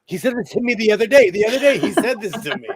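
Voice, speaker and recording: A man's voice: high-pitched, expressive, fast talker, background noise. A man with a Minnesotan-sounding accent hosting a sewing channel livestream from his home sewing room, a chatty storyteller who laughs often. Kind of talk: casual livestream chat.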